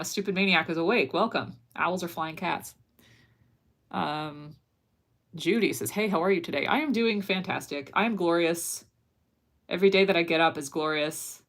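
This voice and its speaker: A woman's voice: on the low side, fairly bright tone. A woman animator streaming live, casually and bubbly reading her chat's messages aloud and answering them with frequent giggles. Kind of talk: casual livestream chat.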